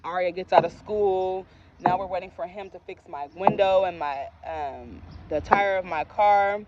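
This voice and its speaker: A woman's voice: on the low side, measured pace, dull audio, heavy background noise. A young woman telling a personal story in a casual, candid and profane way, full of emotion. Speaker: storyteller vlogger.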